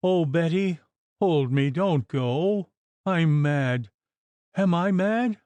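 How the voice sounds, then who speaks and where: A man voicing a terrified, delirious little woman who cries out in shrill, frantic bursts. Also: expressive, slow, a little mellow, no room sound.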